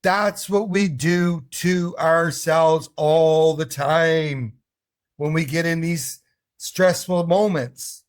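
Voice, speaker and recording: A man's voice: fairly high pitch, slow pace. A middle-aged man talking casually to camera as an English confidence coach, telling stories and acting out little voices. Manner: animated storyteller who acts out voices.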